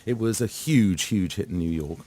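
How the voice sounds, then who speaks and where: A man's voice: on the low side, normal speed, a little mellow, no room sound. A man who owns theatres, chatting as a radio show guest and dropping dry, wry remarks. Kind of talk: casual studio chat.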